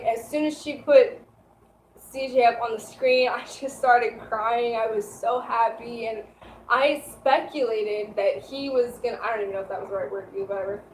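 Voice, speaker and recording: Chatty young woman in an echoey room. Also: fairly high pitch. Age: young adult. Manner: chatty, says "like" a lot, laughs often. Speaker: vlogger. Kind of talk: casual storytelling. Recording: echoey room with faint noise.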